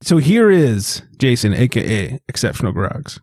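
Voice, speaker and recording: A man's voice: medium pitch, very animated, moderate pace, darkish tone, breathy edge, no room sound, clean studio sound. A man hosting a podcast in casual chat, laid-back and joking, swearing casually. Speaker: podcast host.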